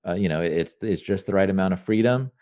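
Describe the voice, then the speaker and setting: A man's voice: deep voice, fast, mellow. A man in his thirties, a podcast guest, talking casually and earnestly, often restarting his sentences and repeating words. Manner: earnest and upbeat about his work. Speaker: entrepreneur guest.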